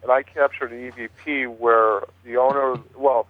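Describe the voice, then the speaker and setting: A man's voice: mid-range voice, steady tone, moderate pace, a crowd in the background. A man talking about his investigations in a rambling way, with many fillers and restarts. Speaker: paranormal investigator guest. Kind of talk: casual chat on a phone-in talk show. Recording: tinny dry phone line.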